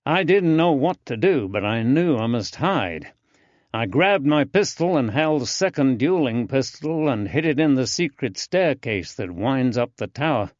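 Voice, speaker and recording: A male narrator voicing an earnest, eager young man with a soft drawling accent in an audiobook. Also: medium pitch, no room sound, highs cut off, voice pushed up.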